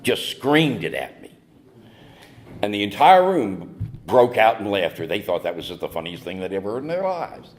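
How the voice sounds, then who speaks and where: A man from North Carolina with a deep, low voice spins a comic personal story for a meeting. His pitch leaps and falls expressively, and his delivery is wry and mock-indignant. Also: big pitch swings, moderate pace. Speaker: speaker at AA meeting.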